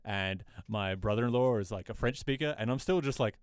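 Male co-host in his thirties, mid pitch, animated storyteller, dry close sound. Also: fast, hardly any pauses, smooth, no room sound. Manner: animated storyteller, bursts into high-pitched quoted voices. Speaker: podcast co-host. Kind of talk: casual chat.

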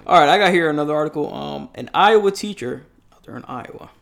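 Young man, gravelly, slightly higher voice, halting reads, casual podcast. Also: expressive, a bit bright. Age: young adult. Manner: reads articles haltingly, many fillers. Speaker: podcast co-host reading news. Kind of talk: casual news-reaction chat.

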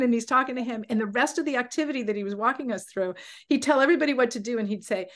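Woman telling a story with animated voices. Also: on the high side, rapid-fire. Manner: animated, acts out quoted voices. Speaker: coach and podcast host. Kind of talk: personal storytelling.

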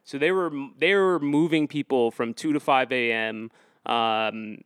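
An activist guest in an interview tells a rambling story full of fillers and restarts, growing heated and emphatic as he goes. His medium-pitched voice is a little slow and a bit bright, with a clear, resonant tone. There is no room sound.

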